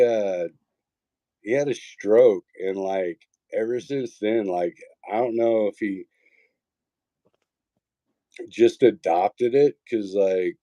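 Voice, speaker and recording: A man's voice: lowish voice, mellow, dry recording. A man, telling rambling, profane stories in a casual chat. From Texas. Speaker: host.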